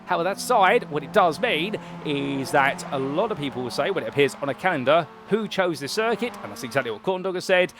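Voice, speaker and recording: A man's voice: on the high side, lively intonation, quick pace, hardly any pauses, background noise. A British man in his thirties, commentating a sim racing qualifying session in a chatty, rambling way with polite turns of phrase. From United Kingdom. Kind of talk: solo race commentary.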